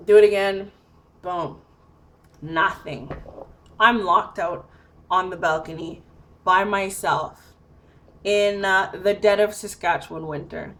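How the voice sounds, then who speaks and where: A woman's voice: mid-range voice, takes it slowly, pauses often. A woman telling a casual story to her camera, full of "like" and "you know", acting out her own lines as she goes. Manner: animated, filler-heavy, acts out her own lines. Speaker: vlogger.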